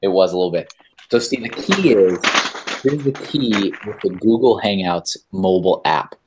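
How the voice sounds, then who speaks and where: A man with a low voice talks through a casual video-call chat. He rambles and hesitates, filling gaps with fillers as he explains. The call audio carries clear background noise. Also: lively intonation, moderate pace. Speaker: host.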